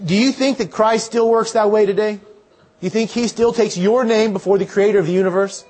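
A man's voice: high voice, fairly even intonation, a little fast, darkish tone. A man preaching a sermon, earnest and full of repeated rhetorical questions.

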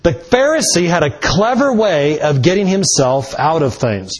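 A man preaching a sermon in a slow, deliberate way, stressing key words with rising emphasis. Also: a little high, sing-song, breathy edge.

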